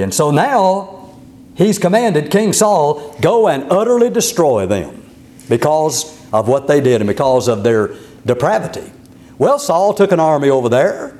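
A man preaching a sermon, telling a Bible story in an animated way and acting out the quoted lines. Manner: animated storytelling, voices quotes with raised pitch.

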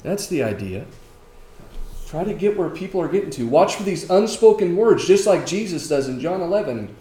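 A man preaching a sermon, moving between emphatic lines and quiet ones and asking rhetorical questions. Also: sits high, very animated, moderate pace. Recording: echoey room with faint ambience.

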